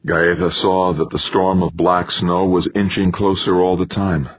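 A man narrating an audiobook in a steady, measured way. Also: sits low, husky, dry recording. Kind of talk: scripted narration. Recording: dull dry recording.

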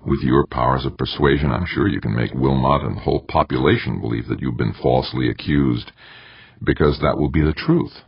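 A man reading the part of a calm, manipulative woman who coaxes her ally in an audiobook. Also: a bass voice, a little fast, creaky, breathy edge, no echo, full character voice. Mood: coolly persuasive. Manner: cool and coaxing. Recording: dry, dull lo-fi audiobook recording.

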